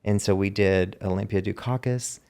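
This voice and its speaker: Speaking at normal speed in a smooth, lowish voice, a Southern-accented singer-songwriter tells long, rambling stories as a guest in a casual interview. He's an animated storyteller who leans heavily on fillers.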